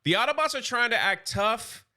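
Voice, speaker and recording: A man's voice: extremely high pitch, animated, normal speed, sharp tone. A man casually retelling a comic book's story in his own chatty words, quoting the characters' lines as he goes. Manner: chatty retelling, voicing characters' lines, many "you know" and "he's like". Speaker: comic book reviewer.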